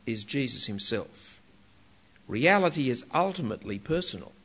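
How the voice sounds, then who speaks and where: Emphatic male preacher, slightly high, animated pitch; dull lo-fi recording. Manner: emphatic, rhetorical questions, stressing key words. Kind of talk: sermon.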